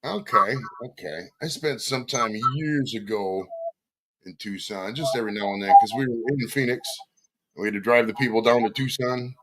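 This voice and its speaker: A man's voice: medium pitch, moderate pace, background noise. A man hosting a live-streamed interview show, talking casually and cursing while he fights with his audio setup. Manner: casual, profane, flustered by audio trouble. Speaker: podcast host. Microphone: streaming setup with computer mic.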